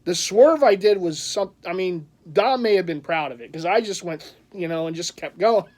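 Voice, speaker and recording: A collector vlogger chats casually in a voice that sits high and a little mellow, at a moderate pace, telling a rambling story with frequent laughs and restarts.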